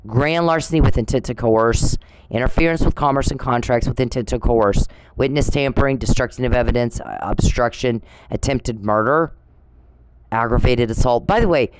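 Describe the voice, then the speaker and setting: A man's voice: medium pitch, clean tone, no echo, poor audio. A man hosting a podcast, delivering an angry, profane, accusatory monologue full of repetition and restarts. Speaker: podcast host.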